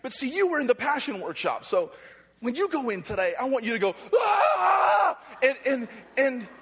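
A man from Hawaii speaking at a youth conference, preaching energetically, often shouting and joking. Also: very high voice, fairly quick, a little hiss or hum. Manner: animated, shouting, joking, restless. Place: large hall with audience. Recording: long hall reverb.

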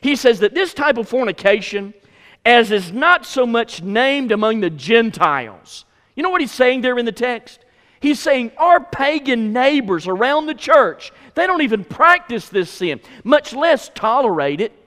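Middle-aged male preacher, high-pitched, emphatic, heard in a reverberant hall. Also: sing-song, measured pace, fairly bright tone. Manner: emphatic, repeats phrases for stress. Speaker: pastor. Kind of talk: sermon. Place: church sanctuary.

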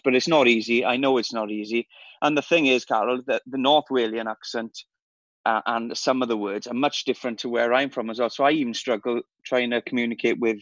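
A man's voice: mid-range voice, a bit bright, dry recording. Valleys welsh guy, lots of ums, sounds dull and dry like a remote line. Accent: South Wales valleys. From South Wales valleys. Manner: halting, many ums and restarts. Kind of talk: casual chat.

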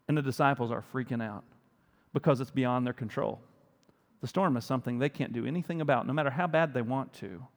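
A male pastor preaching a sermon, telling a story in an animated way and asking rhetorical questions. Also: mid-range voice, fairly quick, big-room sound.

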